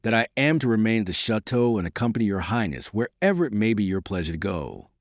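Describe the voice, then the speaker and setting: A male reader voicing a courteous, shrewd young baron who speaks in a measured, formal way. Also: lowish voice, big pitch swings, no echo, studio quality. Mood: courtly.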